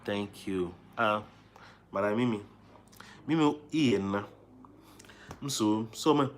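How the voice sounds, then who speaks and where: A man, a new father chatting casually to his viewers and cooing softly to his baby at home. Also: fairly low pitch, slow pace, slight background noise. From Nigeria. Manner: soft and coaxing, cooing to a baby between chat. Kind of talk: casual live vlog.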